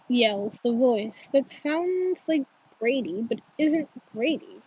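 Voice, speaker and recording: A woman's voice: on the high side, animated, slow, a little mellow, husky. A woman reading a first-person novel aloud in an earnest, emotional way, often restarting her words, on a dull lo-fi recording. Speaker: audiobook reader.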